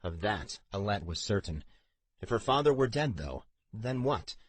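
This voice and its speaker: A male narrator reads a fantasy audiobook in a steady, even storytelling voice. His tone is low with a husky grain, and the recording is dry and close with no room sound. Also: moderate pace, dry recording. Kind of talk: scripted narration.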